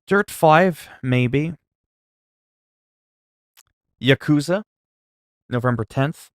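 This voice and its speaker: A man's voice: fairly high pitch, extremely slow, no room sound, studio quality. A man chatting casually on a game livestream, rambling, joking and reading the chat aloud into a desk mic. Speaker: gaming livestreamer.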